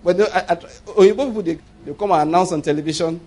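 A Nigerian man preaching a sermon as a pastor, lively, with frequent laughter and mocking asides. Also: high voice, fast.

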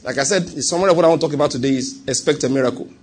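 A man with a Nigerian accent preaches a sermon and shares a personal story, speaking rapid-fire in a slightly rough, higher-pitched voice. His manner is conversational, and he often asks the congregation whether they follow him.

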